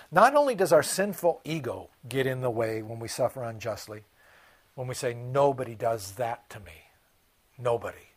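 A man preaching a sermon, swinging from hushed, quiet passages to loud, impassioned ones. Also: medium pitch, slightly rough. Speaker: pastor.

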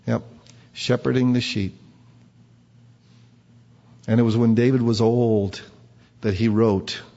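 A man's voice: fairly low pitch, dark tone. A man preaching a sermon who quizzes the congregation and acts out quotes. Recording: dull recording with long hall reverb.

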